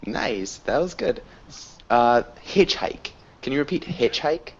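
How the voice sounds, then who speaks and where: A man's voice: mid-range voice, big pitch swings, measured pace. A man teaching an online English class over a video call, encouraging students and praising their pronunciation. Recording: dull lo-fi video call audio.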